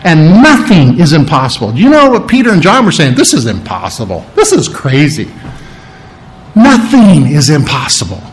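A male pastor delivering a sermon with a somewhat high-pitched voice. He talks to his congregation in a plain, conversational way, circling back on his phrases and asking them questions as he goes. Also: poor audio.

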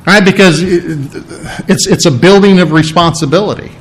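A middle-aged man preaching a sermon in a plain, folksy way, often repeating words, restarting phrases and clearing his throat. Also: fairly high pitch, expressive, moderate pace, fairly bright tone, poor audio. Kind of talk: sermon teaching.

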